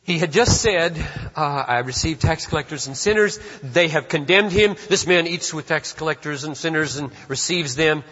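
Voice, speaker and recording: A man preaching a sermon as pastor, moving from hushed, slow reflection to loud, emphatic passages. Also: fairly high pitch, breathy edge. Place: church sanctuary. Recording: dull reverberant church hall.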